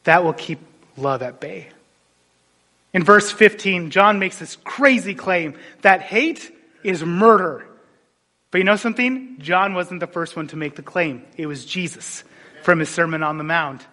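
A man preaching a sermon, animated and storytelling, dropping suddenly into quiet asides. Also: high voice, measured pace. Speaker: pastor. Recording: long hall reverb.

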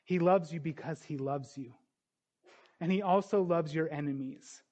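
A man's voice: a little high, normal speed, a little mellow. A man preaching a sermon as pastor, earnest and building to emphatic questions.

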